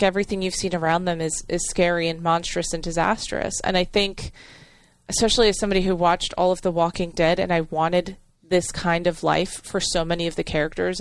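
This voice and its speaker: A woman co-hosting a podcast, warmly retelling a TV episode in a rambling way with many fillers and restarts. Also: lowish voice, vocal fry, clear, resonant tone, no echo. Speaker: podcast co-host. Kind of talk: casual chat.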